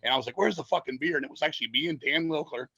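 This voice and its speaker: A man's voice: a little high, very fast, gravelly, bright, forceful tone, husky, no echo, rough recording. A man on a podcast telling long, profane, rambling stories in a casual way. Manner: profane, rambling, lots of swearing. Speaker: podcast guest, metal singer. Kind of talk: casual storytelling.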